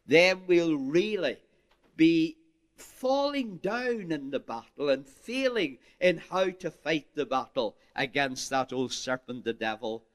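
A male preacher delivering a sermon with a lively, swooping voice that sits a little high for a man. He leans hard on key words, rising and falling with emphasis, and he calls out to his listeners as "my friends.". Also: slow pace. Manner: archaic King James phrasing.

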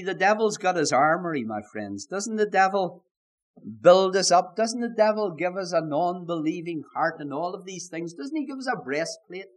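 Stretching words out and building to loud shouts, a high-pitched male preacher delivers a fervent sermon at church. He piles up rhetorical questions as he goes.

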